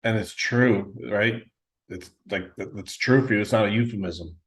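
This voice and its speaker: A man's voice: on the low side, moderate pace, fairly bright tone. A man hosting a podcast interview, speaking in a thoughtful, conversational way and giving short affirmations. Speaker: podcast host.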